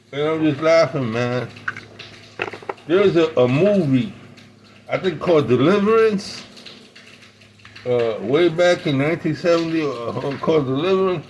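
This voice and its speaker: A man's voice: on the high side, unhurried, a little hiss or hum, low-quality recording. A man casually telling a long story, rambling, repeating words and laughing often. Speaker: pipe-smoking video host.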